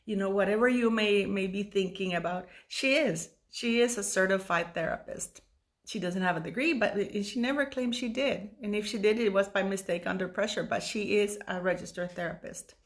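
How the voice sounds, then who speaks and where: A woman in her fifties giving a rambling, emotional commentary monologue, tired and full of restarts and fillers. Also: medium pitch. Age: 50s. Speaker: YouTube commentator.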